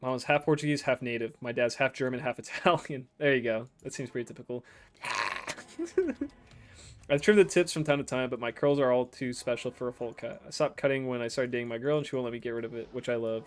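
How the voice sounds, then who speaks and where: A man's voice: medium pitch, fairly even intonation, quick pace. A young American man streaming a game, chatting casually and reading viewer messages aloud, rambling, laughing often and swearing freely.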